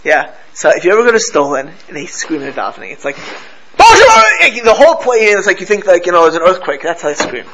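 High-voiced man teaching a lively Torah class. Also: quick pace, few pauses, a little hiss or hum, poor audio. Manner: animated storyteller mixing Hebrew and Yiddish terms. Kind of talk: Torah class to a live group.

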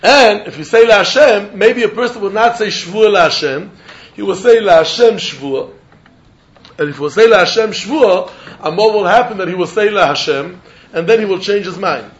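At a normal speed and in a high voice, a man leads a Talmud lesson in the yeshiva manner, chanting singsong as he studies. He blends Hebrew, Aramaic and Yiddish terms into his English, and the audio is muffled.

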